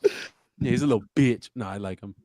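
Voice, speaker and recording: A man from South Florida, a comedian guest telling stories in a loose, profane, deadpan way on a podcast. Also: mid-range voice, a little fast, no room sound, clean studio sound. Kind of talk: casual podcast chat, storytelling.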